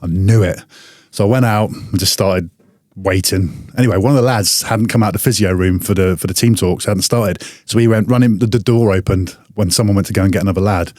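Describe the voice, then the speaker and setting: A man telling a workplace story as a podcast guest, animated and swearing freely. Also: low-pitched, fairly quick, no echo, clean studio sound. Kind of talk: casual storytelling.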